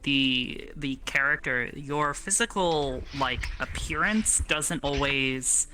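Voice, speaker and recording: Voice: medium pitch, slow, over music. A player in casual chat during a VR roleplay, rambling with many fillers.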